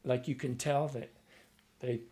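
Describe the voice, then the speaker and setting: Man, from Iowa, dialect coach, husky voice, mid pitch, lively storyteller. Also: a little slow. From Iowa, US Midwest. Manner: animated storyteller who acts out quoted dialogue. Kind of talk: casual podcast storytelling.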